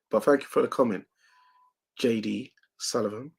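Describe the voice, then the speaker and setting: A young man hosting a live watch-along, giving excitable play-by-play of a boxing match and reading out viewer comments. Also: medium pitch, moderate pace, gravelly, breathy edge. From United Kingdom.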